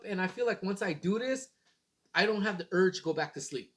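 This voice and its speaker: A man's voice: high voice, animated, a little fast, a bit bright. A man in his thirties hosting a casual morning livestream, rambling in a laid-back way and swearing casually. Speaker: livestream host.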